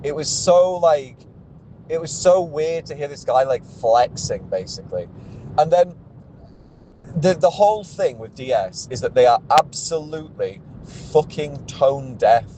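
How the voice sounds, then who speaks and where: A man's voice: a little high, expressive, measured pace, dark tone, slight background noise, poor audio. A young man, a car sales executive ranting in a vlog, exasperated and swearing often, with restarts as he goes.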